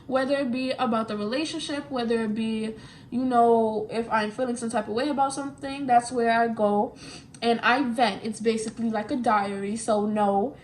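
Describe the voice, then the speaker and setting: A young woman with a high voice tells a story in a lively, slang-filled way, often repeating herself for emphasis. There is a faint hum in the room behind her. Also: normal speed. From New York. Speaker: vlogger. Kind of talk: casual storytime chat. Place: at home, getting ready.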